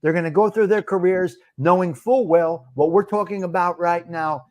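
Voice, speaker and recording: Reflective male host with a higher voice. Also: moderate pace, darkish tone. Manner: reflective, speaks from experience in repeated emphatic phrases. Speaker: podcast host. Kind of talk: casual talk show chat.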